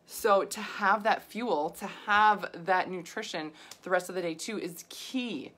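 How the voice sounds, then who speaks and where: A woman's voice: mid-range voice, a little slow, fairly bright tone. A woman nutrition coach talking casually and animatedly, exasperated, with frequent laughs and asides. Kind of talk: casual talk to camera.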